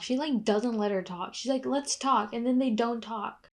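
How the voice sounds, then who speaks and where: A woman's voice: fairly high pitch, moderate pace. A young woman chatting casually in a reaction video, recapping in long rambling runs and getting worked up as she watches. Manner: gets worked up and indignant while watching.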